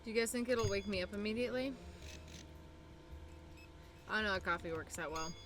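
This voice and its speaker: A young woman streamer chatting casually with her viewers in a relaxed way. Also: mid-range voice, brisk, background noise.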